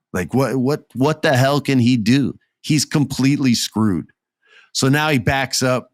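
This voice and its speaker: A man's voice: medium pitch, no room sound, studio quality. A man hosting a podcast, animatedly recapping a wrestling event in casual talk and acting out what people said. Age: adult with children. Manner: animated storyteller who acts out quotes. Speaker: podcast host.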